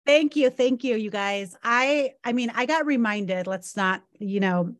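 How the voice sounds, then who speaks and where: A woman podcast co-host in casual chat, telling a story in an animated way and laughing often. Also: a little high, measured pace, no echo, clean studio sound. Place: Los Angeles area.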